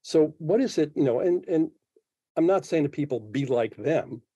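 This podcast guest is a man in his 70s with a mellow, husky voice on the high side, speaking at a moderate pace with no room sound. He thinks aloud reflectively in an interview and frequently restarts.

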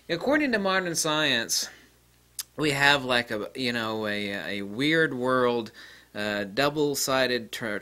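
A man's voice: medium pitch, bright, forceful tone, clean tone. A man giving a rambling solo lecture, combative and profane, scornful of his critics. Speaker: channel host.

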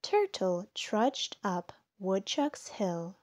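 Woman, children's story read-aloud, gentle, mellow tone, dry close mic. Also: mid-range voice, expressive, slow pace, no room sound. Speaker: storybook reader.

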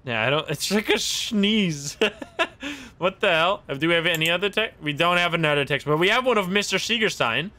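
A young man streams a game and talks through every step in casual commentary. His voice is bright and fairly high, and it swings up and down with lively energy. He laughs easily and lets out sudden exclamations. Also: moderate pace. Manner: excitable, thinks aloud, laughs and exclaims often. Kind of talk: casual live gameplay commentary.

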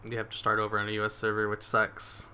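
Bright-voiced excitable gamer man. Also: lowish voice, fast, a little hiss or hum. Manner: excitable, swears, laughs often. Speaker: gaming streamer. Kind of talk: live game commentary.

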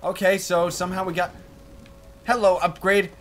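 A man's voice: high-pitched, steady tone, moderate pace, noisy background. A man giving joking, goofy commentary while playing a video game. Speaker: let's play host.

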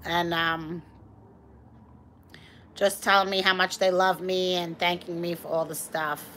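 A woman's voice: on the low side, level tone, measured pace, bright, forceful tone, a little hiss or hum. A middle-aged woman with a New York accent hosting a casual livestream on a phone, gushing and greeting viewers by name. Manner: gushing, reads viewer comments aloud. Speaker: livestream host.

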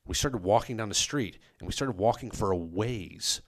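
A man telling a comic personal story on a podcast, animated and self-mocking, with his voice leaping up on quoted lines. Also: lowish voice, normal speed. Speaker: comedic storyteller.

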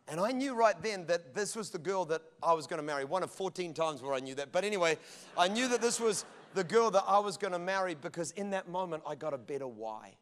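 Here a fast-talking, expressive middle-aged man with a high, slightly bright voice delivers a sermon. As a pastor, he spins funny anecdotes and plays out dialogue, and the long reverb of a church hall surrounds him.

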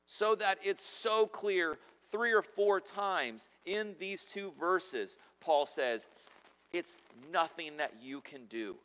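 A man's voice: high voice, expressive, slow pace, fairly bright tone. A man preaching a sermon as pastor, emphatic and conversational with humorous asides. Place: church sanctuary. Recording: long reverb of a church hall.

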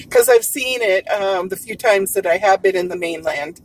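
A woman's voice: mid-range voice, normal speed, few pauses, husky, far from the mic, poor audio. A woman from Hawaii with a Hawaiian Pidgin-tinged accent, chatting casually and meandering through stories as a vlog host in a car. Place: in a car with air conditioning. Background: car air conditioning and traffic.

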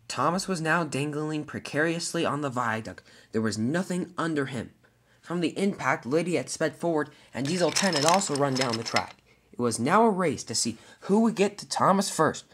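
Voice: mid-range voice, expressive, moderate pace, noisy background. A storyteller narrating a homemade toy-train adventure, with frequent slips and restarts.

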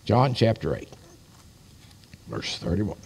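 A man's voice: on the low side, very animated, takes it slowly, darkish tone, a little hiss or hum. An older man, a pastor, preaching a sermon in a folksy, storytelling way with friendly asides. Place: church sanctuary. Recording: live-streamed church service with long reverb.

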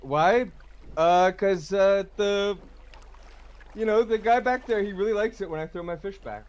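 Give me a high-pitched man playing a hesitant, dopey fisherman in a game. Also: unhurried, darkish tone. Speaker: fisherman player. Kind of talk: casual game role-play chat.

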